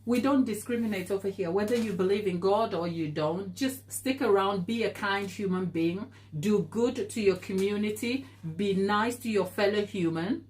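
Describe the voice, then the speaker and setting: A woman in the middle of a live baking stream, chatting in an earnest, encouraging way. She laughs easily and answers viewers' comments as she goes. Her voice sits at a middling pitch. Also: moderate pace, few pauses, darkish tone. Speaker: baking show host.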